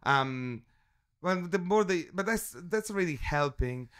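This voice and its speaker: Italian musician guest, native Italian speaker, higher-pitched, chuckles through halting, restarting answers. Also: male voice, expressive, fairly bright tone, clean tone. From Italy. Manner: laughs often, halting restarts. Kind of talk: casual interview chat.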